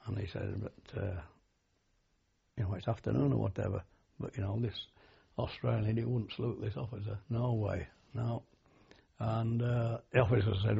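Gravelly older British veteran, raspy. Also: male voice, fairly low pitch, flat delivery. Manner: rambling, halting, with many fillers and restarts. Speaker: war veteran interviewee. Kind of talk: oral history reminiscence. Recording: dull lo-fi archival tape.

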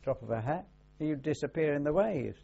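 A man's voice: a little high, animated, normal speed, gravelly, mellow, slightly rough. An older man, a naval veteran, answering questions in an oral history interview with dry humor. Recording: dull lo-fi recording.

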